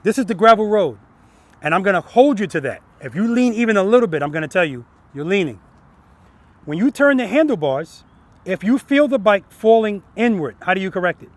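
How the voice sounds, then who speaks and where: A man's voice: high-pitched, big pitch swings, a little fast. A man teaching a group of riders outdoors as their riding instructor, questioning the group and ending points with "right?". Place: outdoor practice lot.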